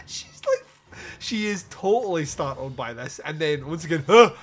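A man's voice: a little high, big pitch swings, unhurried, husky. A man hosting a podcast, reviewing a film in casual comic chat, laughing often and swearing as he acts out scenes.

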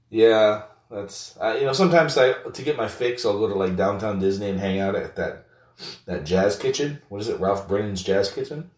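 A man with a low voice hosts a loose, comedic monologue, rambling through "you know"s and heavy profanity. The recording is roomy and echoing, and the mic sits some distance away. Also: animated, normal speed. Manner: rambling, heavy swearing, filler-laden. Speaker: show host.

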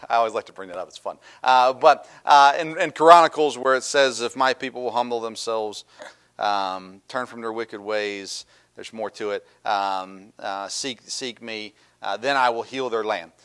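Middle-aged man, pastor, mid-pitched voice, preaching casually and acting out the Bible voices. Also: fairly bright tone. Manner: conversational, with many fillers and restarts; acts out Bible voices and the people's complaints with bursts of pitch. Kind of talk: sermon.

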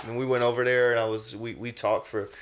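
A man's voice: medium pitch, flat delivery, fast. Laid-back rambling male podcast host. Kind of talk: casual chat.

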